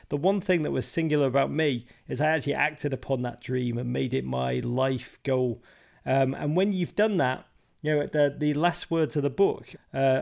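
A man's voice: mid-range voice, gravelly, darkish tone. A middle-aged English man, a guest author talking in a casual interview, emphatic and wry.

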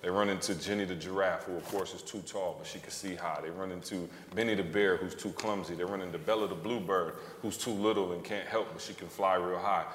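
Low-voiced man telling a story live. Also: brisk, few pauses, slight background noise. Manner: animated storyteller, acts out quotes. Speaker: author and podcast co-host. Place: stage before a live audience. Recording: roomy hall reverb.

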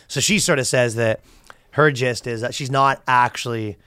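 A man's voice: medium pitch, moderate pace, bright, forceful tone, smooth, no room sound, studio quality. A man co-hosting a comedy podcast in casual chat, rambling and riffing by acting out the people he describes. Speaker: podcast co-host.

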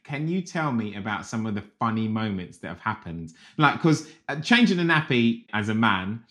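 A podcast host who interviews a guest warmly and encouragingly and also reads a sponsor message. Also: mid-range voice, lively intonation, moderate pace, hardly any pauses, soft background music. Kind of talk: interview and ad read.

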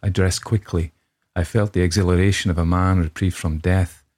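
This ghost story reading comes from a man whose low voice carries a darkish tone and fairly even intonation at a moderate pace. Adopting a put-on Scottish accent, he plays a brooding narrator telling his own sombre story in the first person.

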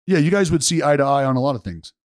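A man's voice: a little high, rapid-fire, dry recording, clean studio sound. A man hosting a casual podcast, telling stories with profanity and playful ribbing. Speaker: podcast host. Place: hotel bathroom.

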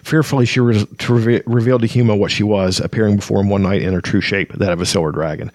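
A man reads fantasy fiction aloud quickly, his lowish voice steady and a little mellow. He stumbles, summarizes between the excerpts, and fills pauses with ums and uhs in a casual reading with commentary. No room sound is present.

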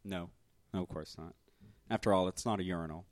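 A man's voice: deep voice, brisk, lightly acted. A man voicing a grandiose, theatrical young artist who is founding a bar in an audio drama.

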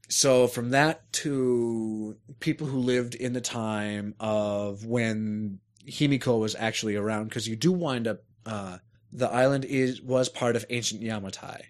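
A man in casual chat, describing a game at length and searching for words. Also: fairly low pitch. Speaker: podcast co-host reviewing a game.

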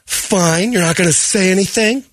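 Man doing a vain woman coworker, pouty, high-pitched, insistent, fishing for compliments. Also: moderate pace, no echo, natural voice. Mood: indignant.

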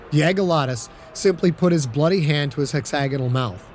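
A man narrates an audiobook with a steady storytelling delivery. His voice sits slightly higher than most men's, and a faint hum of noise lies under the recording. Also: fairly quick, few pauses.

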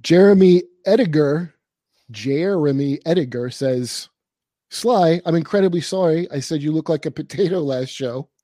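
A man's voice: on the high side, moderate pace, dark tone, no echo, clean studio sound. A man in casual comedic banter as a sidekick, easygoing and reading out viewer comments. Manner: laid-back, laughs often, reads viewer comments. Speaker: sidekick and co-host.

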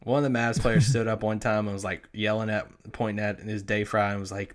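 A man's voice: lowish voice, moderate pace. A man co-hosting a sports podcast, talking loosely with lots of "like" and easy laughs. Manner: relaxed, many "like" fillers, easy laughs. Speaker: podcast co-host. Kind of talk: casual sports podcast chat.

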